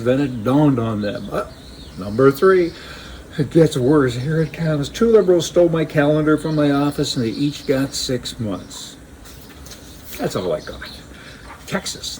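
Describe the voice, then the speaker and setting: A man's voice: medium pitch, darkish tone, a little hiss or hum. A man giving an opinionated, casual commentary monologue, telling jokes with sarcastic asides and chuckles.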